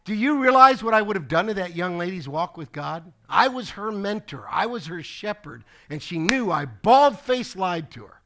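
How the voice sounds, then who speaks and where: A man's voice: high voice, sing-song, moderate pace, few pauses, bright, forceful tone. A middle-aged man preaching a sermon as pastor, telling a personal story with casual asides to his congregation. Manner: storytelling preacher, conversational asides like "okay?" and "folks".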